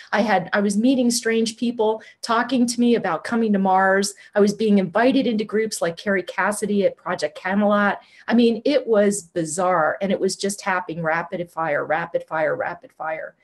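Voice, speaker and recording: A woman guest in an interview, telling a personal story in an animated, conversational way, often saying "like". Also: mid-range voice, normal speed, few pauses. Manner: animated, conversational, uses "like" a lot. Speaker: guest, shamanic healer.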